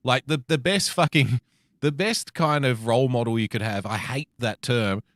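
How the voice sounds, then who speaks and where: A man co-hosting a loose podcast, swearing freely as he rants in blunt opinions. His voice sits at an ordinary middle pitch and sounds close and dry, with little room around it. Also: moderate pace, a bit bright, no room sound. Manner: profane, ranting, blunt. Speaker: podcast co-host. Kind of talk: casual chat.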